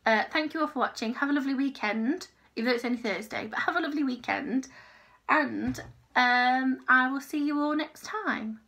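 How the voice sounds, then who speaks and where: Chatty woman vlogger, bright higher voice, rambling home chat. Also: moderate pace. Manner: rambling, chatty, talks to her dog. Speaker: crochet vlogger. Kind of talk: casual chat.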